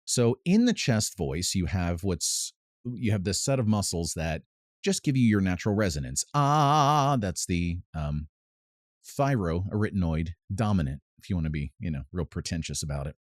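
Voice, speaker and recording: A man's voice: sits low, animated, moderate pace, darkish tone, no room sound, studio quality. A man giving a casual singing lesson as a vocal coach, explaining technique in a pedantic way with short sung demonstrations. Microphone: close mic with added reverb at times.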